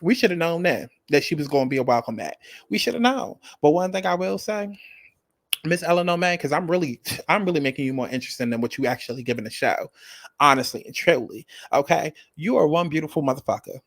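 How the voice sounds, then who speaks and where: A man's voice: fairly high pitch, expressive, fast, a bit bright, no room sound. A man giving casual, sassy commentary on a reality show, dramatic and profane, addressing the viewer directly.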